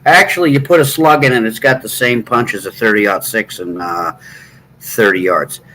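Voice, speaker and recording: A middle-aged man chatting casually with viewers from a hotel room, rambling and halting, often clearing his throat. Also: lowish voice, pushed and bright, a little hiss or hum, low-quality recording. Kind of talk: casual chat.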